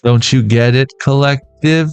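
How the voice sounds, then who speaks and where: A man's voice: medium pitch, fairly even intonation, a little slow, clear, resonant tone, dry recording, soft background music. A man giving a casual pick-a-deck tarot reading, joking around in a playful, slangy way. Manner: playful and jokey, slangy banter. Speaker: tarot reader.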